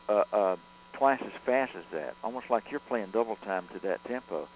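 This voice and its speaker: A male record producer speaking in a somewhat low voice, telling long studio anecdotes. He rambles, circles back and restarts his sentences often, with a faint hum under the recording. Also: moderate pace, darkish tone, poor audio. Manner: rambling, with frequent restarts and fillers. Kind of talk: conversational storytelling interview.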